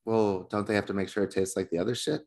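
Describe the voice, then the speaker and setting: A man's voice: lowish voice, fairly even intonation, fast talker, gravelly, a little mellow. A man co-hosting a podcast, chatting casually, swearing and laughing as he tells stories. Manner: loose, swearing, laughing storyteller. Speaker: podcast co-host. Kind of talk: casual chat.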